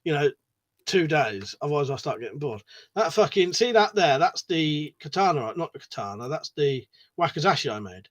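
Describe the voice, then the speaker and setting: Lively, matey man chatting on stream. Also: a little high, moderate pace. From United Kingdom. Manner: chatty and matey, swears freely. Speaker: livestream host. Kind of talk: casual chat, reading viewer messages aloud.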